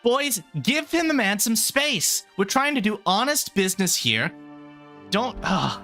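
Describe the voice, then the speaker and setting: A man's voice: mid-range voice, lively intonation, moderate pace, pushed and bright, smooth, soft background music, voice pushed up. A man voicing a young woman who runs a fantasy general store, chatty and a bit exasperated. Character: young woman shopkeeper, harried eldest daughter.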